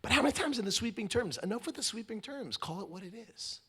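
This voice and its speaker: Animated storytelling man from New York. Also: high voice, quick pace, breathy edge. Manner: animated storytelling with jokes and acted-out quotes. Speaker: speaker. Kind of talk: comedic motivational talk.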